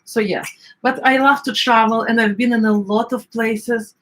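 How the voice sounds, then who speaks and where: A woman's voice: a little high, fairly even intonation, normal speed, rough recording. Chatty middle-aged Eastern European woman. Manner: chatty, searching for words, many fillers. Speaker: home cook. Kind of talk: casual cooking vlog chat.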